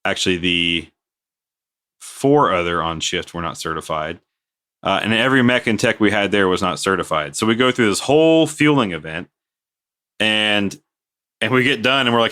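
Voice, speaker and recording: A man's voice: on the low side, lively intonation, brisk, fairly bright tone. A man telling a work story in casual podcast chat, acting out the people he quotes with big jumps in his voice. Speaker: podcast co-host, aviation maintenance worker.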